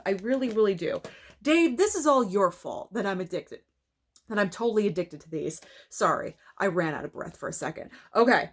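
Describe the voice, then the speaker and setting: A woman hosting a casual show-and-tell vlog, talking with gushing enthusiasm and tripping over her words now and then. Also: mid-range voice. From United States. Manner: enthusiastic and gushing, with frequent stumbles. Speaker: collector vlogger.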